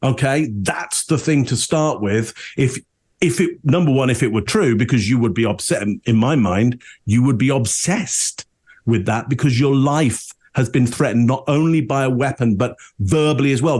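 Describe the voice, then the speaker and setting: A man's voice: medium pitch, moderate pace. A man on a behavior analysis panel, explaining deception cues casually and acting out quoted tones as he goes. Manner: animated, acts out quoted tones.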